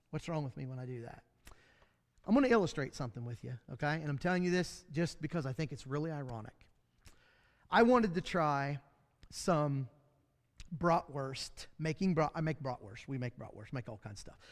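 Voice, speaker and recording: A man teaching a midweek Bible class in a folksy, storytelling way, with self-deprecating humor. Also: a little high. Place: church classroom. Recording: long hall reverb.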